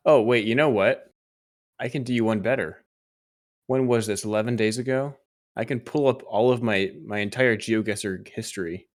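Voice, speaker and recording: Casting: male streamer, a bit low-pitched, chatty and teasing, laughs a lot. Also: moderate pace. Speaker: streamer co-host. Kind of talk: casual chat.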